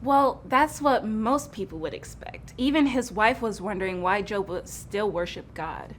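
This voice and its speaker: A woman's voice: medium pitch, measured pace, slight background noise. Patient woman telling a kids' Bible story. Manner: patient and gently teasing.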